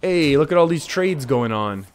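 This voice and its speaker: A man's voice: a little high, expressive, normal speed, a little hiss or hum. Chatty Canadian man streaming a game. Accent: English Canadian. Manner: chatty, laughs often, reads viewer comments. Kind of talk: casual game commentary with chat.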